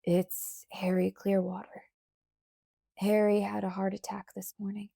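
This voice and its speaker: A woman reading the lines of a young man in an audiobook, worried and angry, speaking low and urgently. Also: little pitch movement, a little slow, creaky, mellow, no room sound, studio quality.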